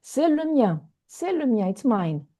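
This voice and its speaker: A woman gives an online French lesson, patiently repeating herself and using lots of fillers. Her voice is on the high side and mellow, with big pitch swings and an unhurried pace.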